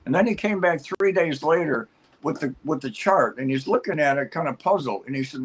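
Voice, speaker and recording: A man's voice: on the high side, lively intonation, fairly quick, husky, poor audio. A man guest on a talk show, telling a long personal story in an upbeat, rambling way, full of fillers and restarts.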